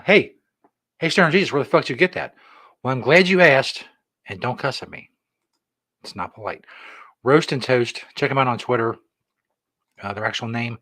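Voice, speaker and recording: A man hosting a live stream, talking loosely and offhandedly with plenty of casual cursing. His voice sits at a middling pitch, and the sound is dry and close. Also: fairly bright tone, no room sound. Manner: loose, offhand, profane chatter. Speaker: host. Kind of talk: live show chat.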